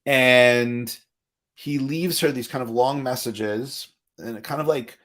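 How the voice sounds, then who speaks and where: A man hosting a podcast in casual conversation, talking in an animated way with many restarts. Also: medium pitch, slow. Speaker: podcast host. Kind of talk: casual chat.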